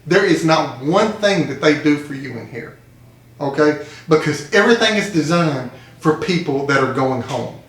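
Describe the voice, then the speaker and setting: A man's voice: fairly high pitch, animated, normal speed, a bit bright. A man in a support group speaking earnestly about a life spent incarcerated, telling a parable and repeating phrases for emphasis. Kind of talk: emotional personal testimony. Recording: echoey room.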